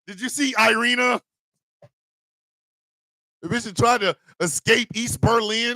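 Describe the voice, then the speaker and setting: A man hosting a radio morning show, telling a profane comedic rant in a loud, animated way. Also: very high voice, unhurried, pauses often, dry recording, studio quality. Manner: loud, animated, profane storytelling with mock voices.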